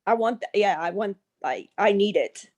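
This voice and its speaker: A woman's voice: medium pitch, a little mellow, no echo. Effusive woman on a video call. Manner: emotional, halting, effusive. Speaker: webinar participant. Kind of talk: casual chat.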